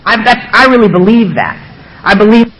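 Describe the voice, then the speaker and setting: A man's voice: high-pitched, lively intonation, brisk, a bit bright, a little hiss or hum, rough recording. A man speaking at a recovery meeting, blunt, emphatic and humorous, with a lot of swearing. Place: meeting room.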